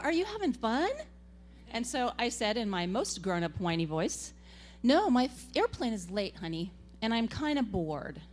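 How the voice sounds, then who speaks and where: A woman giving a tribute speech at a gathering, telling animated stories and laughing often. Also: fairly low pitch, slight background noise. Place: event gathering.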